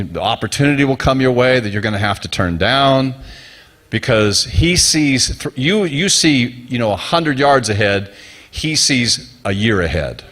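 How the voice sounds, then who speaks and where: A middle-aged male pastor from the United States delivers a sermon through a rambling personal story. He talks in a loose, conversational way and briefly acts out the voices of the people he quotes. His voice sits at an ordinary middle pitch for a man. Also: a bit bright.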